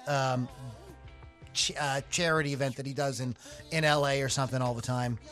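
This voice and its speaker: Bright-voiced rambling man from Philadelphia. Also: medium pitch, steady tone, normal speed, faint music behind. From Philadelphia, USA. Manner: rambling, filler-heavy and self-interrupting. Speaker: podcast co-host. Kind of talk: casual chat.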